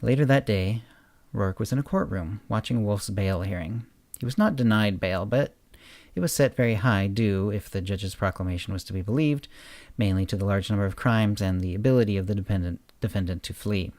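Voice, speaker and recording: A man hosting a podcast, reading his own short story aloud in a steady narration. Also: lowish voice, a little fast, dry recording. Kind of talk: audiobook-style story narration.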